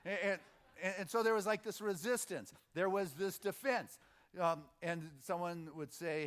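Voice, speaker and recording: A man's voice: high voice, moderate pace, fairly bright tone. A middle-aged male minister giving an informal, conversational sermon at a spiritual center, stopping and restarting, then building momentum through repeated phrases.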